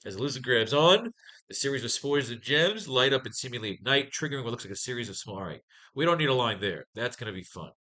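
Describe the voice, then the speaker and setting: A man's voice: mid-range voice, animated, fast talker, bright, forceful tone. A man running a casual comics writing class, thinking aloud and testing lines of dialogue, swearing freely and muttering to himself.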